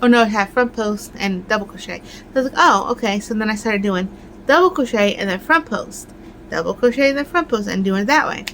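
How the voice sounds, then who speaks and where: A woman's voice: mid-range voice, lively intonation, a little fast, a little hiss or hum, low-quality recording. A woman crafting vlogger in casual chat, ranting with lots of fillers.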